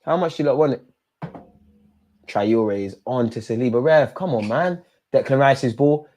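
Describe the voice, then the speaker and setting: Excitable young man on a watch-along. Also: mid-range voice, moderate pace, long pauses, background noise. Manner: excitable, talks to the players on screen; shouts and yells at goals and chances. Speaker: football watch-along host. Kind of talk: live match watch-along commentary.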